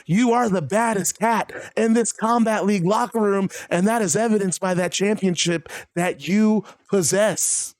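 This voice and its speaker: A man voicing a creepy, menacing male wrestler cult leader, speaking slowly and ominously in a dry, close voice. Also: high voice, no room sound. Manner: slow, ominous, taunting with "man".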